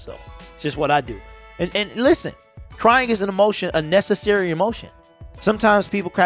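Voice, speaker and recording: A man's voice: sits high, a bit bright. A man in his forties hosting his own sports channel, giving impassioned fan commentary straight to his viewers in a loose, conversational way. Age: 40s. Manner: impassioned, conversational, repeats himself. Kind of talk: casual fan commentary to camera.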